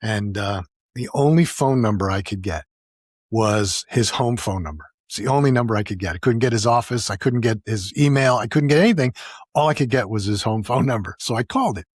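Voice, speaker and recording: A man hosting a podcast, casually telling an animated anecdote with frequent restarts. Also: on the low side, fairly quick, no echo, clean studio sound. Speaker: podcast host. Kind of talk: casual storytelling.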